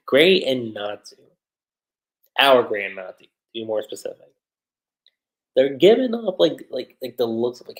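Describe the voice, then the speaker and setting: A man's voice: medium pitch, sing-song, a little slow, pauses often, poor audio. A man reviewing an anime on a livestream in a casual, rambling way, laughing often and acting out quotes. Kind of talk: casual livestream episode recap.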